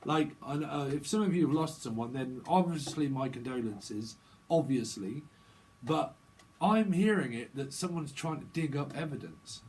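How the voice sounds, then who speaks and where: A man's voice: a little high, animated, moderate pace, darkish tone, low-quality recording. A man doing a casual tarot reading vlog, rambling and slangy and often laughing. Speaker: tarot reader.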